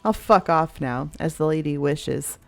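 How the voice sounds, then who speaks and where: A woman's voice: deep voice, a little slow, vocal fry, soft background music. A woman voicing a cold, blunt young man in a visual novel, speaking curtly and mockingly. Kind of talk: voiced reading of a visual novel.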